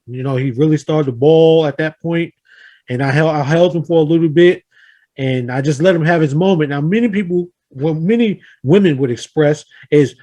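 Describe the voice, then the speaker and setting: A man hosting a round table group talk shares a family story with earnest animation, performing the quoted lines himself. His voice sits on the high side and he speaks a little fast.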